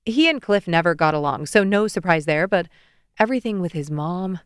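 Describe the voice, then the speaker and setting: Woman narrator as a caring middle-aged mother, brisk, teasing, motherly, clear resonant tone. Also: fairly low pitch, expressive, no echo, studio quality, lightly acted.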